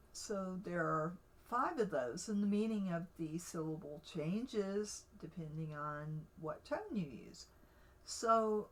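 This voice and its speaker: A woman's voice: fairly low pitch, poor audio. A woman hosting a casual livestream tutorial, talking in a hesitant way with many fillers and restarts. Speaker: livestream host teaching language creation.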